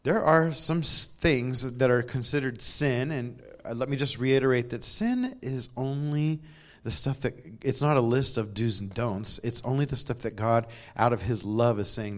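Guy preaching in a church, chatty storytelling sermon, laughs at himself, mid-pitched voice. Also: moderate pace. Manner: storytelling, self-deprecating humor with laughs. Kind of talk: conversational sermon.

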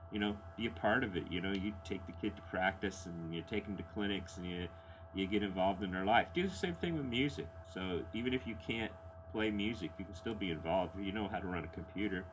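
Over a noisy background, a low-voiced middle-aged blues radio host rambles through listener mail. He's candid and relaxed, sprinkling in fillers and chuckles.

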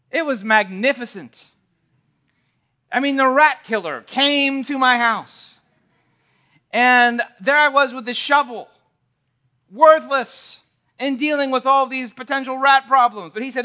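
A man's voice: very high-pitched, slow pace, sharp tone. A man preaching a sermon in an earnest, emphatic way, telling vivid stories.

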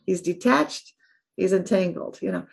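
A woman guest author in a casual interview, calmly explaining ideas. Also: on the low side, measured pace, vocal fry, slightly rough.

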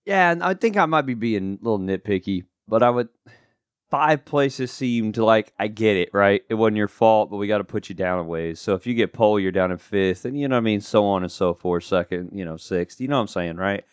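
A man's voice: fairly low pitch, fairly quick, clean tone, no echo, clean studio sound. A man co-hosting a casual podcast chat, rambling with lots of asides and fillers. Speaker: podcast co-host.

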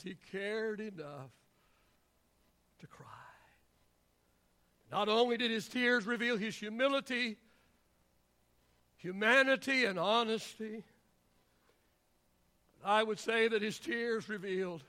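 A man preaching a sermon as pastor, with a repetitive, rhythmic cadence that swells to shouts and drops into drawn-out pauses. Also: sits high.

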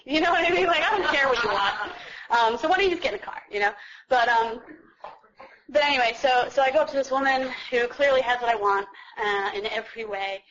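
A woman's voice: fairly high pitch, a little fast, a bit bright, muffled recording. A young woman sharing her personal story with a group in a chatty, self-mocking way, full of fillers. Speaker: speaker sharing her story at a recovery meeting.

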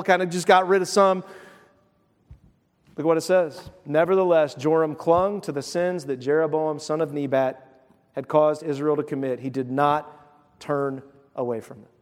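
A man's voice: fairly high pitch, a little mellow, long reverb tail. A man preaching a sermon, retelling scripture in a casual, conversational way with voiced asides. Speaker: pastor.

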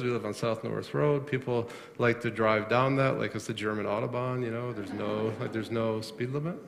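A pastor preaching a sermon, asking his congregation questions and rising sharply in pitch to stress a point. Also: creaky. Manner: asks the congregation questions, rises sharply on emphasis. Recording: long reverb of a hall.

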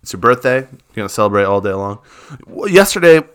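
A man's voice: fairly low pitch, fairly even intonation, fast, fairly bright tone, clear, resonant tone. A man co-hosting a casual chat podcast, rambling and playful with lots of fillers. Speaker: podcast co-host.

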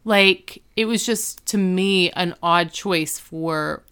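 A woman's voice: fairly low pitch, slow, a bit bright, smooth. A young woman co-hosting a podcast, chatting casually and filling her talk with "like" while recapping a TV episode. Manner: chatty, many "like" fillers. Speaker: podcast co-host.

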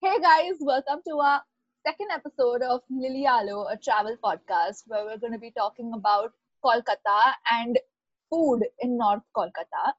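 Upbeat higher-pitched woman podcast host. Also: normal speed, no echo. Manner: upbeat, welcoming introductions. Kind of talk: casual chat. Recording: dull lo-fi recording with faint music.

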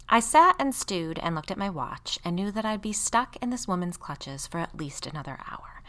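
A woman narrates a first-person audiobook in a wry, casually profane voice. Her tone is bright and crisp, and her pitch sits on the low side for a woman while swinging widely. She reads with a lively, expressive sense of timing. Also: normal speed, few pauses.

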